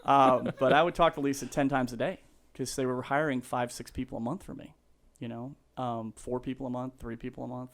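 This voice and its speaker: Fifty-something guy rambling thru a story, lots of ums and restarts, mid-pitch voice. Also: fairly even intonation, brisk, few pauses. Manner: rambling, lots of fillers and restarts, laughs through stories. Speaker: realtor, podcast guest. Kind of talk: casual storytelling.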